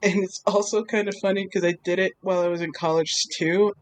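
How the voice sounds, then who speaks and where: A young adult artist, a guest in a casual interview, telling stories in a lively way and acting out past reactions. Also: medium pitch, fast, low-quality recording. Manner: animated storytelling, acts out own past reactions.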